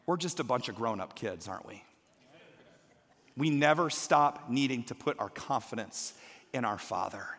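A man in his thirties preaching a sermon, shifting between hushed near-whispers and emphatic, rising calls. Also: medium pitch, expressive, normal speed, big-room sound. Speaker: pastor.

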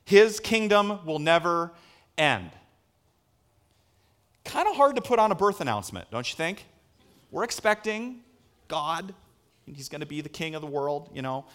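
A male pastor preaching a sermon, earnest and full of rhetorical questions, moving between hushed lines and emphatic ones. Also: a little high, big pitch swings, a little fast.

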